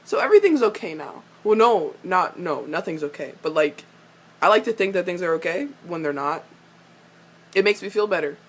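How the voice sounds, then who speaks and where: A faint hiss or hum sits under this recording of a young woman speaking at a moderate pace. Reacting to a TV episode as a fan reviewer, she swears a lot, gushes and rants at the characters, laughs often, and squeals high whenever she gets excited.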